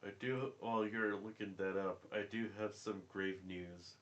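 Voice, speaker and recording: A man's voice: fairly low pitch, steady tone, moderate pace, a bit bright, lo-fi sound. A man co-hosting a casual chat show, teasing and laughing often between remarks. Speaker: podcast co-host.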